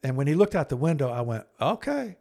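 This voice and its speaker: A middle-aged man tells a story from his counseling work in an earnest, halting way. He restarts his sentences often, and his voice sits at an ordinary middle pitch. When he quotes someone, he sinks into a low, hushed tone. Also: animated. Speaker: podcast co-host and counselor. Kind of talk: conversational storytelling.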